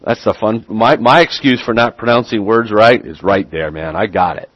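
A man's voice: lowish voice, moderate pace, no echo, highs cut off. Male pastor, sermon delivery, self-deprecating humor, dry close sound. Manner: prays softly, then preaches with humor. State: dyslexic, stumbles over names.

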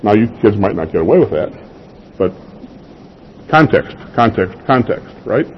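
This sermon comes from a pastor whose lowish voice has a sing-song lilt at normal speed; he talks conversationally and asks the congregation rhetorical questions. There's a little hiss or hum, and the recording sounds slightly dull and lo-fi.

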